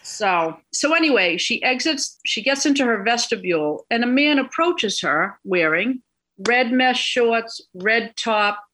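A woman's voice: on the high side, pushed and bright. A middle-aged woman, telling a court story as a guest in a chatty, digressive way. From Boston. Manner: chatty, digressive, laughs at the absurdity. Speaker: guest recounting a court case. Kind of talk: casual storytelling interview.

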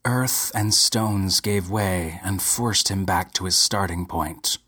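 A man reading a short story aloud in a measured, unhurried way. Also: deep voice, bright, forceful tone, slightly rough. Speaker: narrator.

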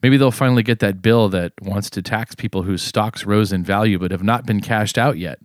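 A tipsy man co-hosting a podcast and reading out a wry, sardonic commentary segment, clearing his throat now and then. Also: lowish voice, normal speed, no room sound, studio quality. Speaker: podcast co-host. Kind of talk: casual chat and read-aloud commentary segment.

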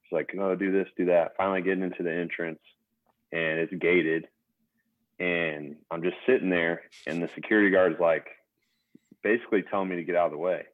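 A young adult man, a former pro basketball player, telling stories as a guest in a relaxed casual podcast interview, over a tinny phone-like line. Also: sits low, a little fast, dry recording. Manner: relaxed storytelling with fillers.

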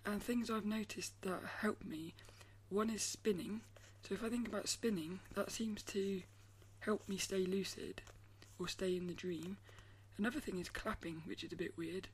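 A woman artist talking casually to camera, soft-spoken and often dropping into a breathy half-whisper, rambling and restarting her phrases. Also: medium pitch, steady tone, moderate pace, few pauses. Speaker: artist vlogger.

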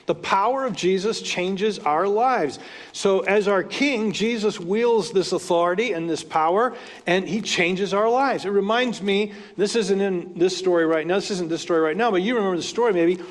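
High-voiced man preaching in an echoing hall. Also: moderate pace. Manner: conversational, retells scripture stories with asides. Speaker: pastor. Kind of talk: sermon. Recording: long hall reverb.

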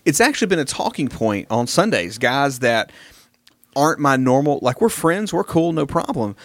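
A man hosting a casual church podcast, rambling through his thoughts with lots of pauses and restarts. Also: medium pitch, very animated, no echo, studio quality. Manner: rambling, many fillers and restarts. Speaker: podcast host.

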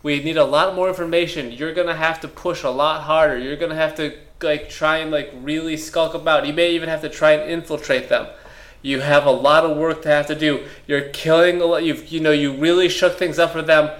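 A man's voice: on the high side, steady tone, fairly quick, fairly bright tone, natural voice. A man voicing a rambling, earnest male CIA mentor who lays out a mission, in a comedy podcast bit.

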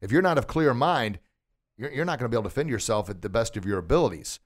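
An enthusiastic man hosts a coaching podcast from a recording studio. His voice sits at an ordinary middle pitch. He keeps firing questions at his listener and heaps praise on every answer. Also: lively intonation, quick pace. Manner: upbeat, encouraging, quizzing and praising. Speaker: podcast host and martial arts instructor. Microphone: studio microphone.

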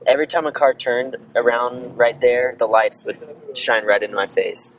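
A man's voice: mid-range voice, a bit bright, a little hiss or hum, rough recording. A young man, a college student camping out, telling jokey stories. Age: young adult. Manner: fast joking storyteller.

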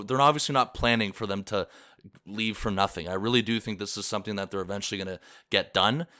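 Bright low-voiced man, dry sound. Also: dry recording. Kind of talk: casual sports chat.

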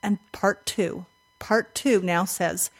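An older woman tells a story from her own life in an interview with a voice of middle pitch. She talks in an animated way, acts out what she thought back then and breaks into laughter often. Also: slow, slightly rough. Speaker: interview guest. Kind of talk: personal storytelling in conversation.

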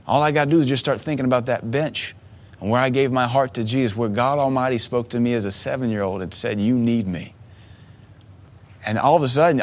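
A man in his thirties preaching a sermon, earnest and emotional, often restarting his words as he tells a personal story. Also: medium pitch. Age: 30s. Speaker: pastor.

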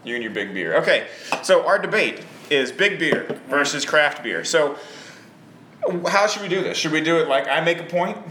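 A man hosting a beer podcast with his friend, sometimes slipping into a booming announcer-style voice, chatting casually. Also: lively intonation, moderate pace, bright, forceful tone, echoey room, a little hiss or hum. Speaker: podcast host. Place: hotel or room on location.

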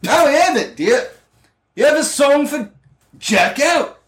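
A shrill tavern patron. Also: male voice, unhurried, roomy sound, exaggerated voice. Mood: overexcited. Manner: squealing, repeating itself excitedly.

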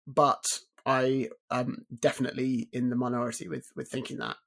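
A married man co-hosting a casual video game podcast, talking in a relaxed, rambling way. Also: mid-range voice, moderate pace, creaky. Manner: relaxed, rambling, with frequent restarts. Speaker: podcast co-host. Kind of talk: casual chat about video games.

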